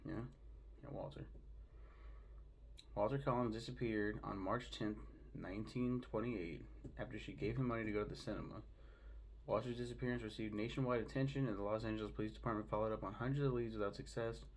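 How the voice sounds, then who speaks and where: A man hosting a casual solo review from home, talking fast, rambling and swearing freely. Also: lowish voice, steady tone, a little hiss or hum. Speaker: host reviewing a show.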